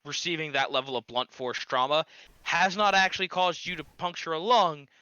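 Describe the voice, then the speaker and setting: A man co-hosting a comedy show, quick to object to and correct the other host, heard through a dull lo-fi mic. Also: fairly high pitch, steady tone, pushed and bright, clean tone, dry recording. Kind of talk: comedic commentary.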